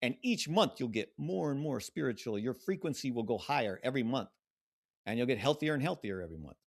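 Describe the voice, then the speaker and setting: Male spiritual teacher, middle pitch, animated melody, loose and rambling with easy laughs. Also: quick pace, creaky. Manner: rambling, laughs between points, repeats phrases. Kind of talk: casual spiritual talk.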